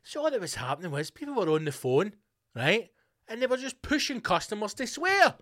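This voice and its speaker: A man's voice: high voice, sing-song, fairly quick, a bit bright. A Scottish man hosting a podcast, ranting casually with heavy swearing and mocking voices for people he quotes. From Scotland. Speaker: podcast host.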